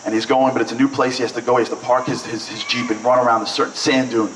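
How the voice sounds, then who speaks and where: A man's voice: mid-range voice, fast, roomy sound, distant mic, a little hiss or hum, low-quality recording. A man telling a story at a breakfast event, acting out the people in it. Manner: animated, acts out quoted voices. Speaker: speaker. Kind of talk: storytelling speech. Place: event hall.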